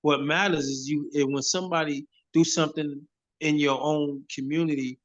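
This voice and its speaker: A hip hop artist speaking as an interview guest over a phone video call, preachy and emphatic, often repeating himself. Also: male voice, fairly high pitch, fairly even intonation, moderate pace, a bit bright. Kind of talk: casual interview. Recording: dull lo-fi phone audio.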